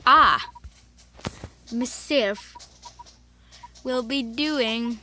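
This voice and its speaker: A woman talking casually over her own mobile gameplay, chatty and self-mocking, with bursts of excited cheering. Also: fairly high pitch, slow pace, slight background noise. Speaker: mobile game video host. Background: game music.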